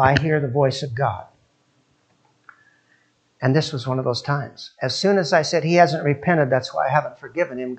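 An older man preaching a sermon, telling stories and leading prayer, moving between soft, hushed passages and loud, emphatic ones. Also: mid-range voice.

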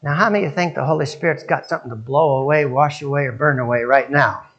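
A man's voice: a little high, fast talker, fairly bright tone, muffled recording. A male preacher giving a sermon, telling stories and asking his listeners questions. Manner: storytelling, acts out quoted voices, asks audience questions.

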